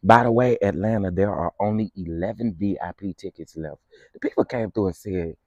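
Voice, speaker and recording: A man's voice: low voice, fairly quick, darkish tone, dry recording, lo-fi sound. A man hosting a casual morning livestream outdoors, greeting viewers by name in a playful, chatty, sing-song way. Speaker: livestream host.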